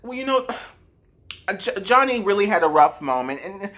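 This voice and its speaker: A man's voice: sits high, big pitch swings, moderate pace, fairly bright tone, pitched above the performer's own voice. A man voicing a callous, dismissive middle-aged stepmother who talks in a flippant, sneering way.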